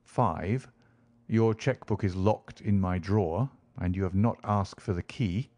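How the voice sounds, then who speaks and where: An aloof detective lays out his reasoning like a professor addressing a class, as a male narrator voices him. The voice is low and measured. It is recorded dry and close, audiobook style. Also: a little mellow, no room sound. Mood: lecturing.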